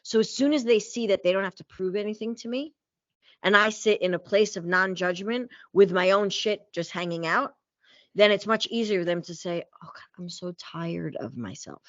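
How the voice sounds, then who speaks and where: A woman's voice: medium pitch, moderate pace, no echo, dull audio. A woman coach talking bluntly and animatedly in a casual podcast chat, swearing freely.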